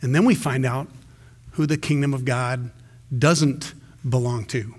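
A male pastor preaching a sermon in a conversational, animated way, often restarting his sentences. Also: medium pitch, unhurried.

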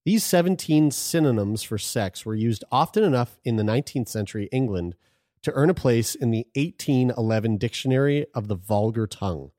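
A man's voice: medium pitch, a little fast, no room sound, clean studio sound. A man co-hosting a casual podcast, reading items aloud in a crude, joking manner. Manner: animated, crude, laughs while reading. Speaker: podcast co-host.

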